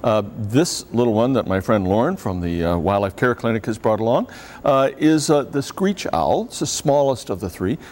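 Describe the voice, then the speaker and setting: A man, a wildlife expert, answers interview questions in a halting way with many pauses. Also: medium pitch, expressive, darkish tone. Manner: halting, lots of "uh".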